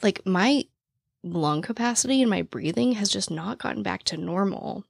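A woman podcast host with a naturally raspy, gravelly voice, talking very fast and excitedly in casual chat, out of breath while standing at the mic. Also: mid-range voice, no room sound, clean studio sound. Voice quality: naturally raspy voice with vocal fry. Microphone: studio microphone, standing while recording.

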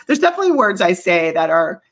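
A middle-aged woman with a slightly low voice and a faint trace of a Southern accent. She talks in an upbeat, chatty way, with easy fillers and restarts, as a guest being interviewed. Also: sing-song, quick pace. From US South (South Carolina). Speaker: guest, company CEO. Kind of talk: casual interview talk.

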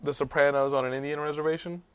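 A man's voice: a little high, fairly even intonation, fast, clear, resonant tone, no echo. Upbeat man hosting a geek podcast, dry sound. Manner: enthusiastic, laughs often. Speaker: podcast host. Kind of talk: casual chat.

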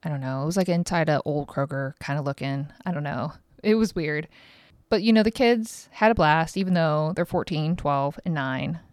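Low, smooth-voiced woman podcaster. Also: moderate pace, a little mellow, dry recording. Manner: rambling, frank, swears casually. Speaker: podcast host. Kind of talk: casual monologue.

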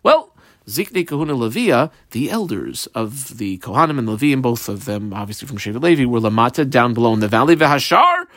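A man works through a Talmud page line by line. He reads each phrase of the original text and then explains it in plain conversational English, pausing often on fillers. His voice sits at a middle pitch, and the recording is dry and close. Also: very animated, a bit bright, dry recording. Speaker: Talmud teacher.

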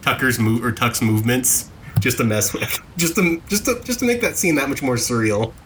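A man's voice: medium pitch, expressive, normal speed, a bit bright, a little hiss or hum. A man playing in a tabletop game, casually describing his character's actions. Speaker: player.

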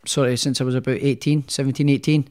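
Speaking at a quick pace, a young pro boxer appears as a guest in a relaxed storytelling interview about his boxing career. His animated tales ramble and keep restarting, and his middle-pitched voice sounds loose and unscripted.

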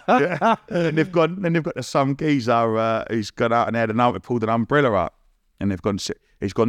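A man's voice: mid-range voice, fairly quick, dry recording. Man, London accent, podcast guest, chatty anecdote, cheeky and blunt, dry close sound. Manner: lively anecdote-telling, acts out quotes, laughs often; blunt and cheeky, swears casually. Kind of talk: casual storytelling.

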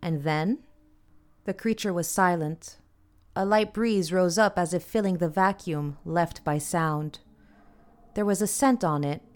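A woman narrating a horror story as an audiobook, in a measured, even delivery. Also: lowish voice.

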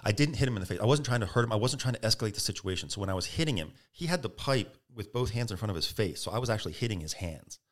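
A man's voice: on the low side, racing, few pauses. A man guest on a podcast, casually telling a story and acting out quotes with energy. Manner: animated storyteller, acts out quotes.

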